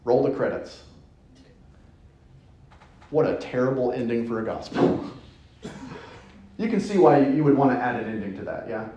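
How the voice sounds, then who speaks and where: Animated male preacher in an echoey church. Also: mid-range voice, normal speed, long pauses, a little hiss or hum. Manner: playful, animated storytelling with sudden drops to a hush. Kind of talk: sermon. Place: church sanctuary.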